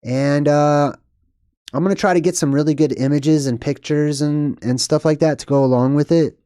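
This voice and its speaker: Young man, live-stream host, casual rambling chat, mellow tone, fairly high voice, dry close sound. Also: fairly even intonation, moderate pace, smooth, no room sound. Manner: rambling, chatty, laughs at himself.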